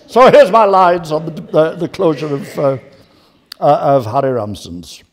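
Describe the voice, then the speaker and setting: An older man lecturing with dry, deadpan humour. His pitch swings widely and sits a bit high for a man, while the delivery keeps stalling on "uh"s between phrases. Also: unhurried. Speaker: guest speaker. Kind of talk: humorous lecture with anecdotes.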